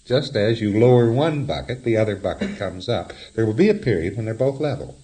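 A man's voice: fairly low pitch, lively intonation, fairly quick, mellow. A man lecturing in a wry, explanatory way, often chuckling at his own examples. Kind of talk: recorded lecture.

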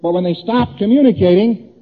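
A man with a high, brisk voice gives a conversational lecture, walking through graphs on a board, repeating points and acting out small exchanges. It sounds like tinny old tape recorded in a reverberant hall.

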